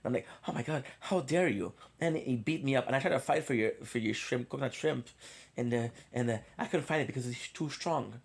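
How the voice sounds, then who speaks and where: A man's voice: medium pitch, fast talker, vocal fry. A male streamer chatting off the cuff in a middle-range voice. He rambles from one thing to the next, swears freely and gets stuck repeating words. At times he counts items aloud under his breath as he plays. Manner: counts aloud while playing. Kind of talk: casual live-stream chat.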